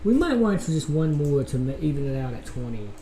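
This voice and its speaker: A man's voice: fairly high pitch, sing-song, fairly quick, mellow. A man hosting a live stream, reacting to videos in casual, profane, rambling talk that trails off.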